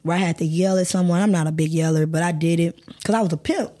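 Candid woman, warm low-key tone. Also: racing. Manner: emotional, candid storytelling with swearing. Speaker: guest actor. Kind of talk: candid podcast interview.

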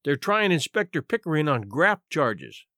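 A man voicing a big, smooth, confident political fixer in an audiobook story reading. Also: on the high side, very animated, normal speed, bright, forceful tone, no room sound, studio quality, full character voice.

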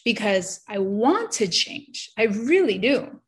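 A woman's voice: mid-range voice, sing-song, slow, few pauses. Earnest woman telling her faith testimony. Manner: earnest, heartfelt, many fillers like "like". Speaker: guest sharing her testimony. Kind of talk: emotional personal testimony.

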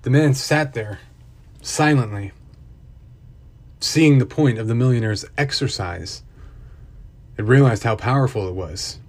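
A man's voice: mid-range voice, measured pace, pauses often, a little mellow. A man narrating a motivational story earnestly, with building intensity.

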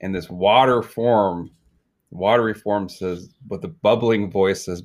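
A man co-hosting a comedy podcast, riffing through an absurd story in a rambling, animated way. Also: sits low, unhurried. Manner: rambling, animated, repeats himself. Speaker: podcast co-host.

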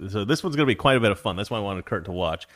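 A man's voice: fairly low pitch, lively intonation, rapid-fire, no room sound, studio quality. A man hosting a casual livestream commentary show, talking in a sarcastic, ranting way. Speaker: host.

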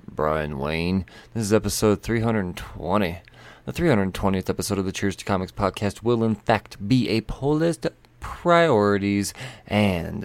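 A man's voice: sits low, gravelly, no echo. A man hosting a comics podcast in a casual, rambling way, joking with himself and restarting lines. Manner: rambling, self-amused, with restarts. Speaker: podcast host. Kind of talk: casual podcast chat and ad reads.

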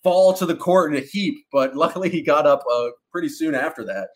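A man's voice: a little high, fairly quick. A man co-hosting a sports podcast, chatting loosely and joking, with fillers and trailing sentences. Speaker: podcast co-host. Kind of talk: casual sports podcast chat.

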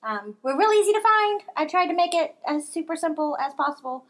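A woman hosting a casual book podcast with a high voice. She talks in a chatty, rambling way, stopping and restarting her thoughts as she goes. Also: expressive, fairly quick, fairly bright tone. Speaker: podcast co-host. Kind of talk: casual chat.

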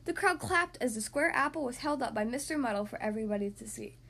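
A woman hosting a children's podcast, reading a storybook aloud in an expressive, animated way. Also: a little high, fast, vocal fry. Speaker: podcast host and story reader.

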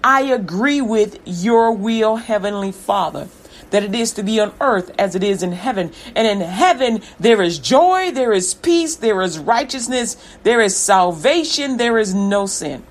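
A woman's voice: medium pitch, animated, measured pace. A woman preaching a sermon in an emphatic, repetitive cadence.

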